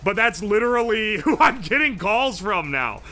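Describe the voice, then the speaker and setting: Young male streamer, high bright voice, excitable, swears while tinkering, faint music behind. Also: moderate pace. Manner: excitable, swears a lot, thinks aloud. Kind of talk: casual live-stream chat while tinkering.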